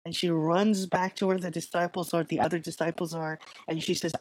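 A woman's voice: fairly low pitch, flat delivery, fairly quick, darkish tone, poor audio. A woman giving a casual, conversational sermon that retells a story with filler words and restarts. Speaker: preacher.

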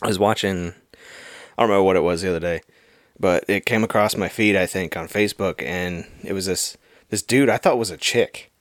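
A man's voice: low-pitched, moderate pace, dry recording. Chill guy telling a story on a podcast, dry mic, laughs a lot. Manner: laid-back storyteller, laughs often. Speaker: podcast co-host. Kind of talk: casual chat.

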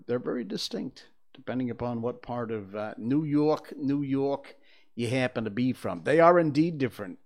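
An older man from Connecticut talks at a middling pitch from his studio. He rambles in a loose, opinionated monologue, stopping and restarting with plenty of ums and uhs. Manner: conversational, digressive, with many fillers. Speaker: talk show host.

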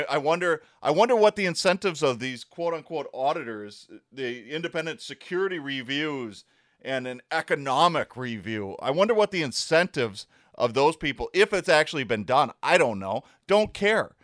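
A man's voice: fairly high pitch, lively intonation, moderate pace, a bit bright, no room sound, studio quality. A man hosting his own podcast, ranting in a sarcastic, worked-up way and swearing often. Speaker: podcast host. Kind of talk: casual ranting commentary.

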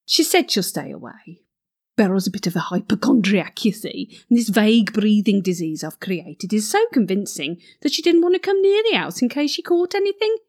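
A woman's voice: medium pitch, sing-song, moderate pace, a little mellow. A woman playing a flirty gossip. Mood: flirtatious. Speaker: comic monologue character. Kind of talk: comic character monologue.

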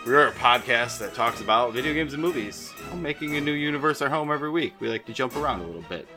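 A man's voice: mid-range voice, animated, fast talker, over music. A man in his forties hosting a casual podcast, upbeat and jokey, often trailing off mid-sentence. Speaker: podcast host.

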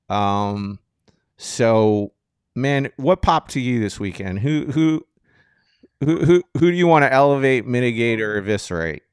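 A man's voice: on the low side, smooth, no room sound, clean studio sound. A man in his thirties co-hosting a podcast in a casual chat, easygoing and laid-back. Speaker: podcast co-host.

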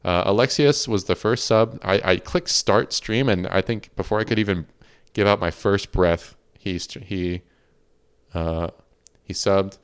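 A man with a low, smooth, resonant voice hosts a livestreamed podcast in casual chat. He reads out viewer questions and laughs often. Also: measured pace. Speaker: podcast host.

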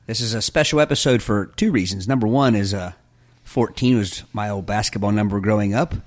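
A man with a medium-pitched voice banters on a podcast, teasing his co-hosts. He keeps his talk light and chuckles often. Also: a little fast. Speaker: podcast co-host. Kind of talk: casual chat.

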